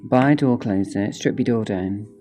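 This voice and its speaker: A woman's voice: extremely low pitch, normal speed, faint music behind. A woman vlogging at home about her doors, theatrical and sweary, calling viewers darling. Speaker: vlogger demonstrating door closers. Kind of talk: casual vlog commentary. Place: indoors at home.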